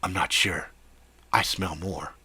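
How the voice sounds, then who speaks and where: A man's voice: deep voice, fairly even intonation, slow pace, bright, forceful tone, husky, dry recording, voice pushed down, full character voice. Man doing a growling werewolf. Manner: growling, terse. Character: young male werewolf, gruff and blunt.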